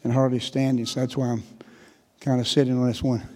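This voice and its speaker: A man's voice: mid-range voice, fairly quick. A man in his sixties with a North Carolina accent, preaching a folksy, chatty sermon. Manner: relaxed, chatty, laughs often. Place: church hall. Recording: echoey church hall.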